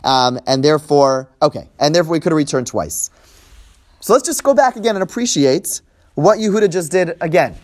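Fairly high-pitched and expressive, this Bible teacher moves fairly quickly through his text-study class. He reads verses aloud, translates line by line, and voices the quoted speakers, explaining step by step and repeatedly asking "right?"

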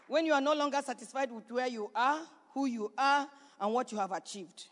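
Female pastor, very high voice, fervent repetitive preaching, long church reverb. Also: a little fast. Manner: preaching with rising shouts and repetition. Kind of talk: sermon.

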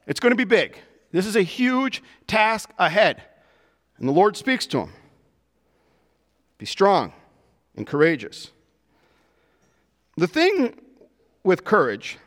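A man preaching a sermon to his church, with animated delivery that rises and drops to soft, emphatic lows. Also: long reverb tail. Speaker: pastor.

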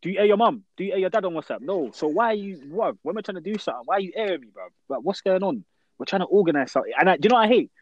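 Fast-talking young man. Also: sits high, no room sound, lo-fi sound. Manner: animated, slangy, mock-outraged retellings. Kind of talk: casual chat.

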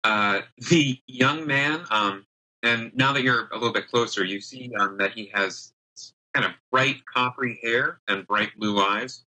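A man narrating a tabletop game as game master, with halting, filler-heavy delivery. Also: mid-range voice, sharp tone, poor audio.

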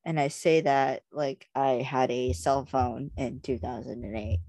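A woman's voice: extremely low pitch, steady tone, takes it slowly, a little mellow, dry recording. A young woman in casual podcast chat, rambling with lots of filler words. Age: young adult. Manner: chatty, rambling, frequent "like" fillers. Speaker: podcast co-host.

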